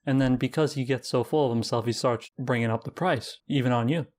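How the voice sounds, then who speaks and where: A young man with a mid-range voice gives short, blunt opinions in a steady, mock-serious way. He sounds relaxed and unscripted as he banters with a friend. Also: medium pitch, a little fast. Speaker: co-host ranking game characters. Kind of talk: casual banter.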